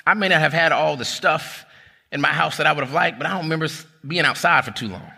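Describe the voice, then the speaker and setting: A man, a pastor preaching a sermon, telling a personal story in a lively, conversational way and calling the crowd "y'all". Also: fairly high pitch, fast, gravelly, breathy edge, long reverb tail.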